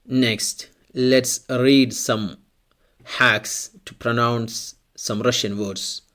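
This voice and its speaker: A man with a mid-pitched voice teaches a language lesson at an unhurried pace. He explains step by step and says each example word twice for the learner. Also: fairly even intonation, fairly bright tone. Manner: slow, deliberate, repeats example words twice.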